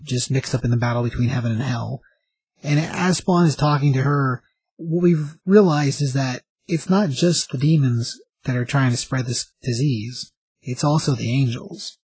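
A man retelling a plot in a loose, rambling way, filling the gaps with fillers. His voice is husky. The recording is dry and close. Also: medium pitch, darkish tone, no room sound, poor audio. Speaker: vlogger recapping a show. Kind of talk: casual story recap.

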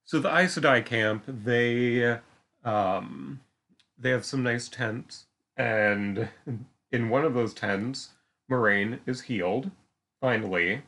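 A man's voice: mid-range voice, slow, sharp tone. A man co-hosting a podcast, talking through a TV episode in a casual, hesitant way. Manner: hesitant, many fillers and restarts, laughs easily. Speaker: podcast co-host. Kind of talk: casual chat recapping a TV episode.

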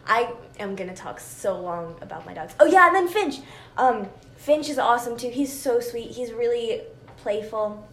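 A woman's voice: on the high side, expressive, normal speed, few pauses, fairly bright tone. A woman co-hosting a podcast, chatting casually with lots of fillers and giggles. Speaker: podcast co-host. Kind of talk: casual chat. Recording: roomy with faint hiss.

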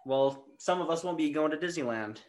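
A man hosting a podcast, asking questions in a relaxed, easygoing way. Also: a little high, fairly quick. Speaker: podcast host. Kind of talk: casual interview.

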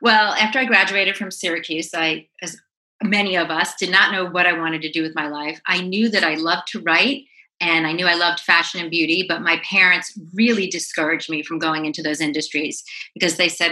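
A woman in her forties from Long Island tells her career story as a podcast guest. Her voice is low-set but bright. She acts out the lines people said to her. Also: fairly even intonation, a little fast, poor audio. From Long Island, New York. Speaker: guest, lifestyle blogger.

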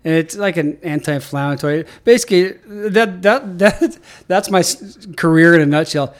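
Middle-aged man, fairly high voice, animated storyteller, acts out quotes, casual podcast chat. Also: moderate pace. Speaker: head athletic trainer, guest.

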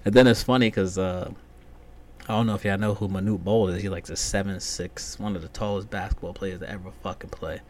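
A man's voice: sits low, steady tone, fairly quick, a little mellow, a little hiss or hum. A man hosting a casual solo podcast rant, loose, profane and rambling. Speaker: podcast host.

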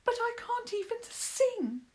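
A woman's voice: high voice, lively intonation, unhurried, voice pushed up. A woman voicing a tiny, nearly blind male mole who stammers and frets, in a children's storybook reading. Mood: tearful. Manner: stammering, earnest and fretful.

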